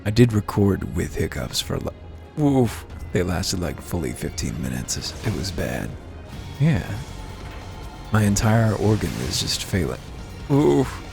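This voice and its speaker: A man's voice: sits low, big pitch swings, unhurried, vocal fry. A man with hiccups giving wry, profane let's-play commentary over faint game music. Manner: wry, profane, mumbled asides. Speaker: gamer playing through a story.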